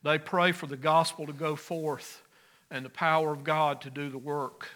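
Bright-voiced man preaching a sermon. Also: on the high side, level tone, moderate pace. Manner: earnest preaching, swelling louder on key phrases then dropping soft. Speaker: pastor.

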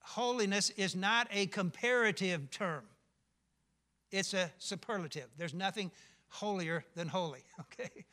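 Bright high-voiced preacher man. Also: a little slow. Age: older. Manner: emphatic, asks the congregation questions. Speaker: pastor. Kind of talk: sermon.

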